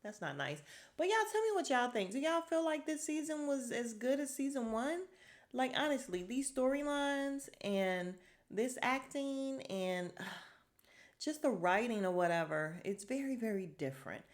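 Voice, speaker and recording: A woman's voice: high-pitched, expressive, unhurried. A woman hosting a casual podcast, chatting her way through a TV episode recap and retelling scenes in quoted voices. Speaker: podcast host recapping a TV show.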